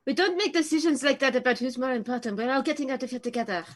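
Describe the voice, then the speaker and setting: A woman playing a tabletop game, expressive and quick to protest. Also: high voice. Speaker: player. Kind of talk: tabletop role-play, in and out of character.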